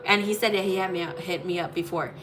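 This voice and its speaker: A woman's voice: lowish voice, steady tone, quick pace, noisy background. A woman who reads tarot as a psychic, telling a personal story in a casual, blunt way, swearing freely and using many fillers. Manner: blunt, profane, full of fillers.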